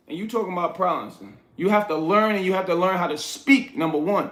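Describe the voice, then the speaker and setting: A blunt New York man hosting a livestream lectures his chat in a casual way, reading messages aloud. His voice is high and fairly bright, and he talks briskly with hardly any pauses. The room sounds roomy and echoey.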